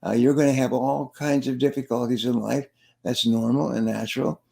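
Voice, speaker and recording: A man's voice: mid-range voice, steady tone, moderate pace, creaky, darkish tone. A man, a sales trainer and motivational speaker, telling stories in an interview and repeating his key phrases for emphasis. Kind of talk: interview storytelling.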